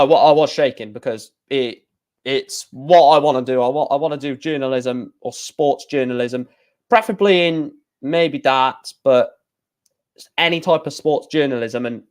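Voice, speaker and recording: A young man hosting a casual livestream, reading out match scores and rambling and correcting himself as he goes. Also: mid-range voice. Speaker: livestream host.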